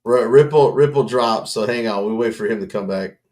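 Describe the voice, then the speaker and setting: A man's voice: medium pitch, brisk, a little mellow. A man hosting a livestream, chatting casually and rambling through stories. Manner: rambling, storytelling with restarts. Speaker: livestream host. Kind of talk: casual chat.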